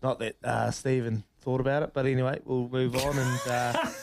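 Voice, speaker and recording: A man's voice: medium pitch, flat delivery, normal speed, gravelly. A man co-hosting radio, teasing his colleague in casual banter. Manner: teasing, says mate a lot. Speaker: radio co-host.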